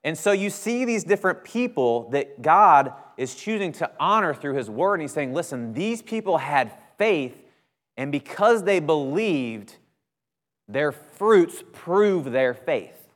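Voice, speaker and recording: A male minister preaches to his congregation in a relaxed, conversational way. He leans hard on key words for emphasis and keeps asking "right?". His voice rings out with a long reverb tail, as if filling a church hall. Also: a little high, a little slow. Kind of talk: sermon.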